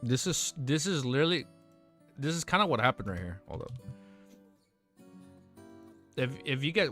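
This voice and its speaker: Young guy streamer reading a novel out loud, cussing and reacting, soft guitar music in the back. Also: mid-range voice, lively intonation, moderate pace, long pauses. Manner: swears freely, reacts emotionally between passages. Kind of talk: reading a web novel aloud on a livestream.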